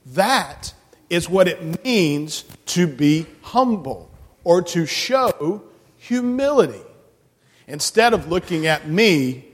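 A man with a high voice gives a children's message in a church sanctuary, slow and coaxing, playful with the kids. Long church reverb trails each phrase. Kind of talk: children's sermon.

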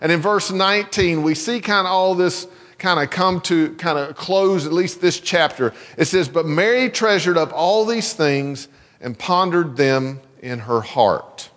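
A male pastor preaching a sermon, reading scripture and adding chatty asides with soft laughs. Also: on the high side, a little slow. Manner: conversational, chuckling asides between scripture readings. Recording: long hall reverb.

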